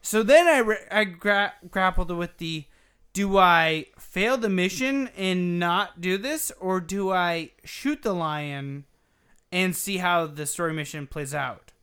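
A man with a high, smooth voice spins a lengthy yarn while co-hosting a gaming podcast. He curses freely and brings the story to life by acting out each quote in this relaxed chat.

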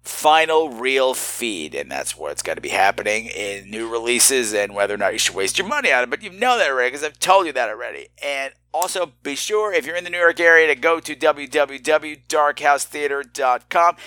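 Middle-aged man, camp horror podcast host, bright and lively, playful self-mockery. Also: mid-range voice, normal speed. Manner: campy, theatrical, self-mocking. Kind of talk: horror podcast listener feedback and sign-off.

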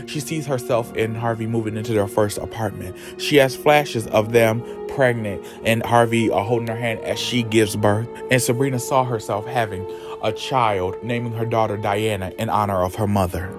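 A man's voice: on the low side, steady tone, moderate pace, over music. A man retelling a story in a dramatic, chatty, profane way. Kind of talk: casual storytelling recap.

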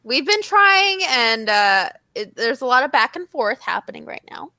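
Bright, lively woman co-host. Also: normal speed, no room sound. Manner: playful, laughs often, mimics others in high voices. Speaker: podcast co-host. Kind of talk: casual chat.

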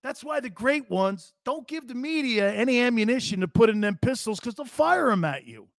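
Brash sarcastic man, high voice. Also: sing-song, normal speed, creaky, no room sound, clean studio sound. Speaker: sports talk show host. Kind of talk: live sports talk rant.

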